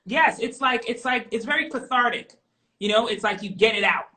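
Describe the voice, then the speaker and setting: A middle-aged woman speaking candidly as an interview guest, emphatic and animated, repeating her points for stress. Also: on the high side, normal speed, poor audio.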